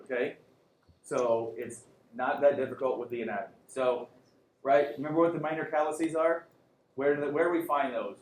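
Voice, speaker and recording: A man lecturing a classroom in a relaxed, joking way, tossing questions at his students. His voice sits at an everyday middle pitch and rings off the walls of a roomy hall, with a faint hum of room noise behind it. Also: normal speed. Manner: casual, joking, quizzes the class. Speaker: anatomy and physiology instructor.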